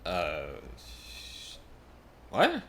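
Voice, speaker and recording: Male streamer, laid-back and sweary, bright lively voice. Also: low voice, very slow, slight background noise. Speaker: game streamer. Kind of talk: casual gameplay commentary.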